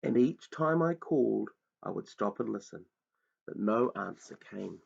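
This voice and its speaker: A man reading a children's book aloud in a slow, hushed, dramatic storytelling manner. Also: on the low side, animated, vocal fry, breathy edge. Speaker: reader. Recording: dull lo-fi recording.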